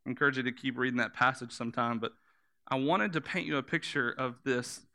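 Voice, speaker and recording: A man's voice: mid-range voice, fairly quick, pushed and bright. A man preaching a sermon, telling the story in vivid images, repeating words for emphasis and asking the listeners to close their eyes and imagine.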